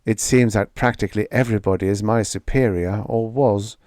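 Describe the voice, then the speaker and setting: A man reading the lines of a tense young woman captain in a science fiction story, sounding urgent and then falsely calm. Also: on the low side, brisk, no room sound, studio quality, lightly acted.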